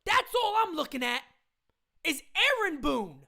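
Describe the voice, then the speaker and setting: A woman ranting loudly and indignantly into a phone camera, repeating her points as a sports fan. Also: sits high, very animated, unhurried, vocal fry. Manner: loud, indignant, repetitive ranting. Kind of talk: live rant into a phone camera.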